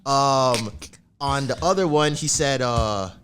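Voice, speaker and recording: A man's voice: mid-range voice, takes it slowly, a bit bright, clear, resonant tone. A man co-hosting a podcast, laid-back and teasing in casual chat. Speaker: podcast co-host.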